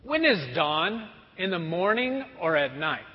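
A pastor preaching a sermon in a conversational, animated way. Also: male voice, sits high, unhurried. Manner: animated, conversational, acts out prayers. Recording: dull recording with long hall reverb.

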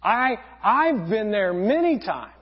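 A man preaching a sermon as pastor, telling a parable earnestly with frequent pauses. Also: high voice, big pitch swings. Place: church sanctuary. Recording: dull lo-fi sound.

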